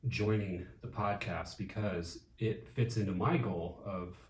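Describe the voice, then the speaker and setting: Laid-back man with a low voice. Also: fairly even intonation, measured pace, darkish tone. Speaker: vlog co-host. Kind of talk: casual chat. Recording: echoey room, mic at a distance.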